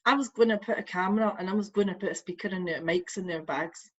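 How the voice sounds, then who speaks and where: A woman's voice: lowish voice, fast, slightly rough, lo-fi sound. A woman, a mother and podcast guest, telling stories about her son in an earnest, passionate way. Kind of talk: passionate casual debate.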